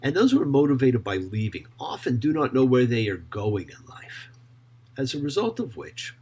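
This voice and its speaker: Male rabbi, breathy voice, lively rising and falling pitch, rhetorical questions, soft guitar underneath. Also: moderate pace. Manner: expressive, emphatic delivery with rhetorical questions. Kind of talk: Torah teaching.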